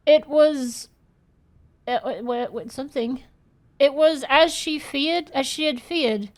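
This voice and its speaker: A woman's voice: high voice, takes it slowly. A woman giving casual, playful commentary while she plays a game, reading the screen aloud and swearing now and then. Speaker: streamer playing a game.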